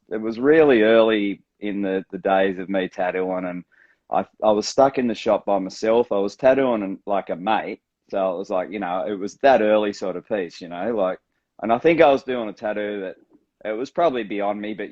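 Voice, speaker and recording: A man's voice: on the low side, a little mellow, no room sound. Aussie tattoo guy yarning, swears a lot, dry kinda dull sound. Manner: laid-back, swears freely, acts out quotes. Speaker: tattoo artist, podcast guest. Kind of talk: casual storytelling.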